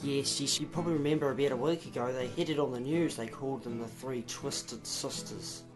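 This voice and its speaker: A man's voice: medium pitch, a little fast, over music, natural voice. A man voicing a polite, formal male creature from New Zealand who talks in an earnest way.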